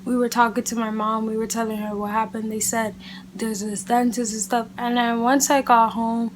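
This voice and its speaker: A woman with a high, bright-sounding voice recounts a personal story in a casual, chatty vlog. Her delivery is animated and loose, full of "like" and "literally". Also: normal speed, noisy background. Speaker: beauty vlogger. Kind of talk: casual storytime chat to camera.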